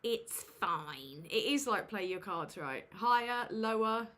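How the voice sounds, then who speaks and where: A woman's voice: mid-range voice, lively intonation, slow, sharp tone. A woman hosting a casual livestream from a home setup on a desk microphone. She talks in a flustered, self-mocking way, with many fillers and casual swearing. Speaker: livestream host. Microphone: USB desk microphone.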